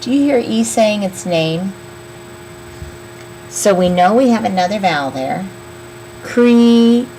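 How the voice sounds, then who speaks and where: A woman teaching young children a phonics lesson, slowly sounding out words and counting syllables. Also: mid-range voice, lively intonation, a little mellow, slight background noise, poor audio. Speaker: elementary school teacher.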